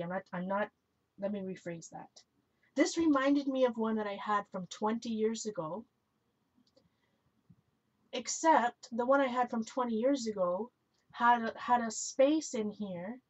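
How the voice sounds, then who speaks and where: A woman with a slightly raised pitch hosts a live craft stream, chatting freely, correcting herself as she goes and breaking into laughter. She answers viewers' comments aloud. The sound is muffled and lo-fi. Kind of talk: casual chat while crafting. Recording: dull lo-fi recording.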